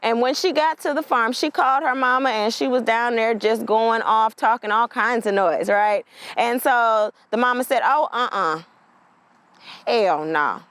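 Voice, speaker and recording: A woman's voice: a little high, fairly even intonation, normal speed, a bit bright, dry recording. A woman giving a documentary interview, telling stories emphatically with frank asides.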